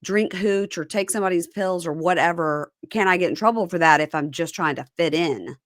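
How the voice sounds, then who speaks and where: Podcast co-host, female, lower register, dry close recording; easygoing recap storyteller. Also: a little fast, dry recording. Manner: relaxed, retells scenes with quoted voices. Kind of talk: casual reality TV recap chat.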